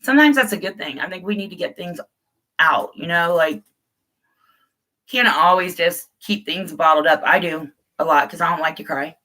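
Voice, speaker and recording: A middle-aged woman hosts a casual live stream, rambling openly and calling her viewers guys. Her voice sits a little low but sounds bright and forceful. She talks loosely, with restarts and asides to the viewers. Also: moderate pace, poor audio. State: tearful at times. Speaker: livestream host.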